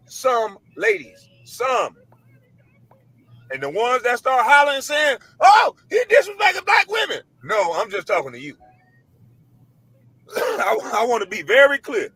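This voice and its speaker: Male online commentator, high bright voice, emphatic and preachy, slangy and repetitive, computer mic. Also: poor audio. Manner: emphatic, preachy, repeats his points; blunt, casual slang. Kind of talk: ranting monologue to camera.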